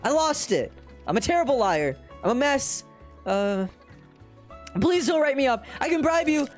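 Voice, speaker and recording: A frantic young camper blurts out excuses and pleads not to be reported, as a streamer puts the voice on. The shouted lines sit well above the streamer's normal pitch, with a lively, swooping delivery. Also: normal speed, soft background music. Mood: panicked shouting. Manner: shouting, flustered, begging. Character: panicky young camper caught breaking rules. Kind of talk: voicing game dialogue on a stream.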